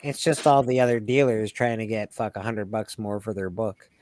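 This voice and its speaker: A man's voice: on the low side, normal speed, a little mellow, no room sound, studio quality. A man co-hosting a casual chat, swearing freely and joking. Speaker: co-host.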